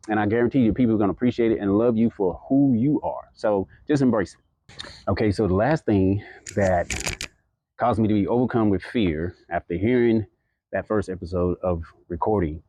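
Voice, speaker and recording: A podcast creator talks to the camera in a casual, motivational way, offering earnest and encouraging advice full of fillers and restarts. His voice is on the low side with a dark tone, and there's no echo.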